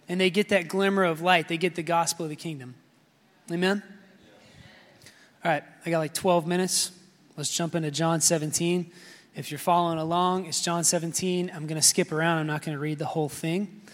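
A man's voice: fairly high pitch, long reverb tail. A man preaching a sermon with personal stories, talking casually with many fillers and calling out to the congregation.

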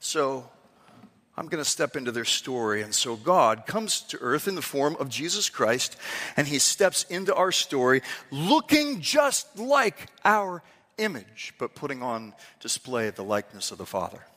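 A man delivers a sermon in a high, bright voice. He draws out key phrases slowly and acts out short quoted exchanges. The sound rings with the long reverb of a large church hall. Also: very animated. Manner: emphatic, drawn-out dramatic delivery with acted-out quotes. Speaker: preacher.

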